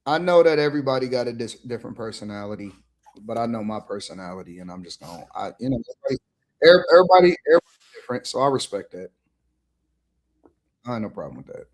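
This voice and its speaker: A man's voice: mid-range voice, very animated, very fast. A man hosting a casual panel show, reading out viewer comments in a slangy, joking way. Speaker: podcast host reading chat.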